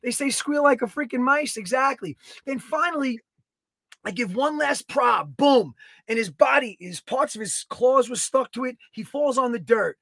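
High-voiced man telling a story animatedly. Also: normal speed, creaky, no room sound. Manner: animated storytelling, swears a lot, acts out quotes. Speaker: podcast co-host. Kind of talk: casual chat.

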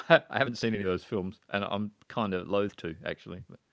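Casual male film-chat host, low voice, halting and chatty, dry close sound. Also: vocal fry, no echo. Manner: hesitant, many fillers and restarts, chatty.

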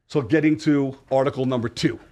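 A middle-aged man telling a personal story in a casual interview, emphatic and animated. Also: medium pitch, a little fast. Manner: emphatic, animated retelling with acted quotes and profanity. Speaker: podcast guest.

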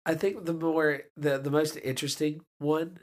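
A man's voice: a little high, steady tone, normal speed. A man co-hosting a podcast, chatting casually and thinking aloud with restarts and mild jokes. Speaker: podcast co-host. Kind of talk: casual chat.

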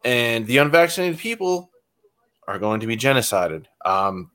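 A man in a casual chat, speaking calmly and matter-of-factly, with many fillers. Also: medium pitch, normal speed.

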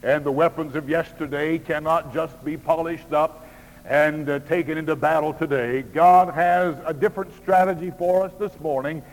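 A pastor preaching a Sunday morning sermon in slow, measured phrases with emphatic pauses. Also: male voice, fairly high pitch, fairly even intonation. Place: church auditorium. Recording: long hall reverb.

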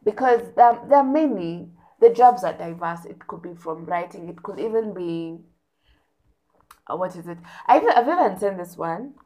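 A young woman telling a story in a casual, animated rant, repeating words for emphasis. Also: on the low side, normal speed.

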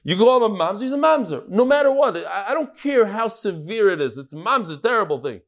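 Animated man teaching Talmud. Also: high-pitched, a little fast. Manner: animated, acts out quotes, swings between loud and soft. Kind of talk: classroom Gemara lesson.

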